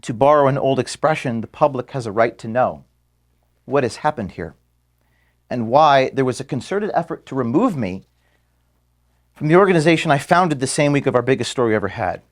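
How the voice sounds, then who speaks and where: A man speaks in an earnest, solemn tone, at a medium pitch, addressing his team in a recorded statement. He sounds emotional and near tears, and his voice sinks low and soft when he is moved. He is recorded in an office. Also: animated, a little fast. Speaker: organization founder addressing staff.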